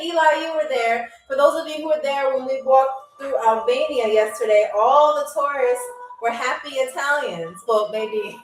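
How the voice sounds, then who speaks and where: High-voiced chatty woman hosting a live quiz. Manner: chatty, upbeat, reads out viewer comments. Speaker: game show host. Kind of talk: livestream trivia hosting. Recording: roomy echo, heard from a distance.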